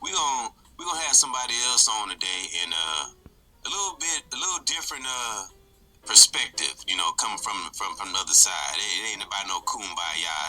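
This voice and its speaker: A man hosting his channel, groggy from just waking up, talking in a quiet, hesitant, low-key way in a casual comedy chat. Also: low-quality recording. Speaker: channel host.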